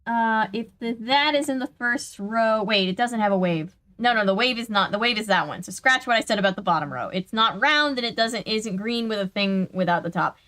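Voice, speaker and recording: A woman's voice: on the high side, fairly quick, hardly any pauses, fairly bright tone. A woman with a Southern US accent chatting casually while streaming a video game, talking back to the game and her viewers in an exasperated way. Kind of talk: casual let's-play commentary.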